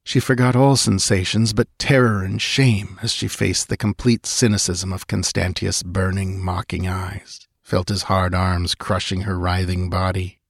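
A man narrating a fantasy audiobook in an expressive, measured storytelling manner. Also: sits low, gravelly, slightly rough, no room sound, clean studio sound.

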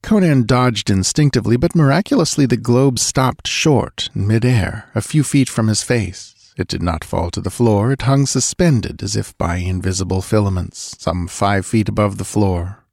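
A man narrating an adventure audiobook in a measured, dramatic storytelling manner. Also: fairly low pitch, creaky, darkish tone, no echo, clean studio sound. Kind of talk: scripted narration.

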